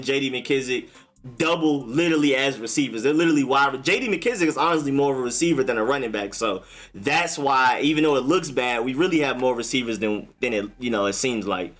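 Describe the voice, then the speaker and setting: Young man hosting a chatty live stream. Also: medium pitch. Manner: relaxed, chatty, answers chat comments one by one; careful, deliberate enunciation in a broadcaster voice. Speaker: livestream host. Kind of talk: casual live-stream chat.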